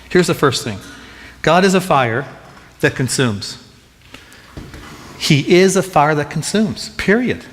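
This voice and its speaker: A man preaching a sermon as pastor, animated and conversational, often restarting and repeating words as he gets excited. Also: on the high side, big-room sound.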